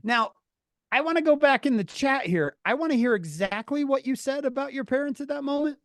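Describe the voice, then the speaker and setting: A man teaching a class of teenagers over a video call, telling an animated story and acting out the dialogue in different voices. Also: very high-pitched, fairly quick, no room sound, clean studio sound.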